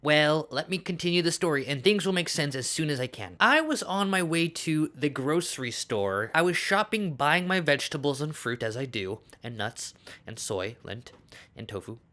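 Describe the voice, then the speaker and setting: A man vlogger telling a comedic story in a deadpan, self-important, mock-serious way. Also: on the high side, moderate pace.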